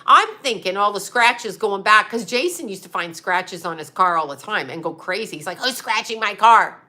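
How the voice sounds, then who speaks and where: A woman's voice: mid-range voice, moderate pace, sharp tone. Blunt, swearing woman in her fifties. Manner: blunt, profane, laughs often. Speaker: psychic medium and astrologer host. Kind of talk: casual livestream chat reading viewer comments.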